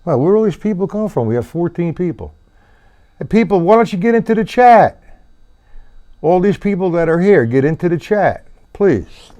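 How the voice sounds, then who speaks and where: A man's voice: sits high, very animated, moderate pace, mellow, dull audio. A man teaching a drum lesson on a live stream, counting beats aloud as he plays and talking loosely to his viewers. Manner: loose, swears at own mistakes. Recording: faint drum kit in the room. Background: drums.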